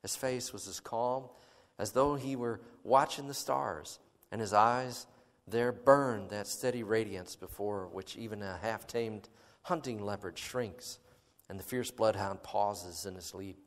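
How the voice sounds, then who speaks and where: A man's voice: lowish voice, a little slow, long reverb tail. A man preaching a sermon, reading a story aloud with dramatic, emphatic delivery and filler words between passages. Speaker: pastor.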